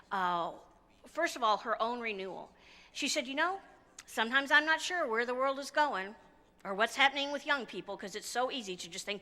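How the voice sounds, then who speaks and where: Animated woman pastor preaching in a hall. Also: on the high side. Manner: storytelling, animated and conversational. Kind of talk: sermon. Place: church sanctuary. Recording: long church hall reverb.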